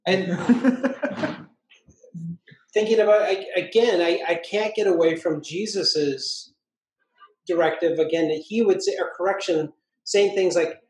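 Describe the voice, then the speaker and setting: A man with a notably high speaking voice talks through an idea on a church podcast, full of restarts and asides, drawing out quoted scripture slowly. His voice rings around a roomy, echoey space. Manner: animated, thinks aloud with restarts, quotes scripture in slow emphasis. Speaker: pastor co-host of a church podcast. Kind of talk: casual podcast discussion. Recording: roomy echo.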